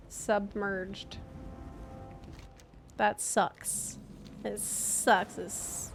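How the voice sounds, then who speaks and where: A woman's voice: high-pitched, slight background noise. A woman streaming a video game, chatting casually and reacting expressively. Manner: chatty, expressive, easily moved. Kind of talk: casual live-stream chat while playing.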